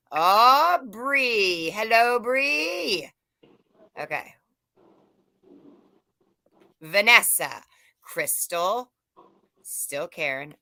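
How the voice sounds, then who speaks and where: A woman's voice: mid-range voice, sharp tone, dry recording. A woman hosting a livestream, chatting casually, joking and greeting viewers by name. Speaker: livestream host. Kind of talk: casual live-chat greetings.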